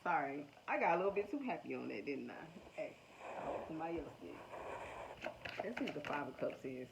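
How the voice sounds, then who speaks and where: Gravelly woman giving a slangy tarot reading. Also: low-pitched, fairly quick. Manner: slangy, profane, excitable, laughs often. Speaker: tarot reader. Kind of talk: casual tarot reading to camera. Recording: dull lo-fi sound with faint noise.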